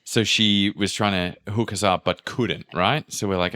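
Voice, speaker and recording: A man telling a travel story in casual podcast chat, swearing freely and acting out quotes with sudden pitch jumps. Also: steady tone, unhurried, bright, forceful tone.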